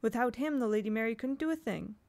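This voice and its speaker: A woman reading aloud, voicing a smooth, falsely charming grown woman with a bright, sweet manner that turns cold and tight. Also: a little high, fast talker, close to an everyday voice. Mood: falsely pleasant.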